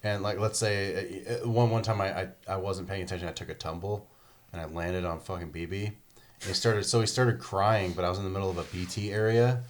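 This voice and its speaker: A man's voice: low voice, fairly even intonation, brisk, a little hiss or hum. A man co-hosting a gaming podcast, talking casually and rambling with lots of fillers. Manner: rambling, filler-heavy, laughing easily. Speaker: podcast co-host.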